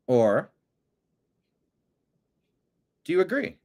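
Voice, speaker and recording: A man's voice: medium pitch, moderate pace. Blunt, sarcastic male commentator. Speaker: online show host. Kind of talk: political commentary show.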